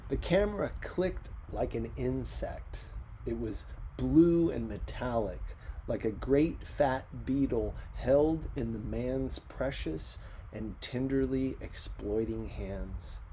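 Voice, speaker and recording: A man reading a short story aloud in slow, measured narration. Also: mid-range voice, warm tone, slight background noise. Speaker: reader. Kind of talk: audiobook narration.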